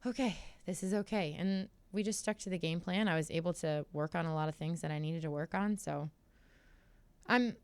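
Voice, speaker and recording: A young woman speaks in a smooth, resonant voice pitched a little low, telling her story with open candor. The studio sound is dry and close, and she bounces into quick impressions of people she quotes. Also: no echo. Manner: candid, animated storytelling, acts out quotes. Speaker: guest fighter. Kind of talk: casual interview chat.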